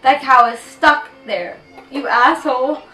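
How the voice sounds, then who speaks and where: A woman's voice: high-pitched, unhurried, bright, forceful tone, echoey room, distant mic, faint music behind, poor audio. A woman voicing an angry male college president, scolding and insistent.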